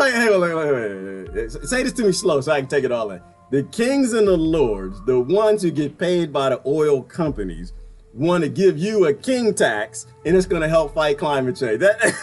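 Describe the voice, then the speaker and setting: Male livestream host, slightly higher voice, very lively pitch swings, ranting casually with frequent laughs, faint music behind. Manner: animated, ranting, laughs often.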